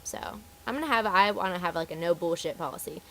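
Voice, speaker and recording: A woman's voice: on the low side, fast, gravelly, a little hiss or hum. A young woman who works retail, telling stories about rude customers in a casual vlog and acting out their voices. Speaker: retail phone store worker.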